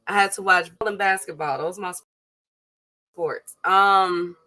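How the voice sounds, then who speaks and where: A woman co-hosting a casual boxing talk stream, musing slowly with frequent pauses and fillers. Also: fairly low pitch, fairly even intonation, pushed and bright. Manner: slow and musing, many hesitations. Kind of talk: casual live stream banter.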